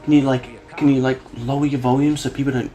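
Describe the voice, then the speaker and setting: A man's voice: medium pitch, little pitch movement, quick pace, mellow. A man hosting a casual film reaction, exclaiming and swearing freely as he comments, with the film's music playing behind him. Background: film soundtrack playing.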